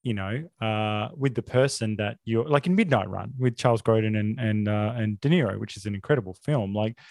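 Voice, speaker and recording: A man's voice: on the low side, fairly quick, creaky, a little mellow, no room sound, studio quality. A man who is not American, a podcast host talking about a film in an opinionated, rambling way, with many fillers. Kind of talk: casual film chat.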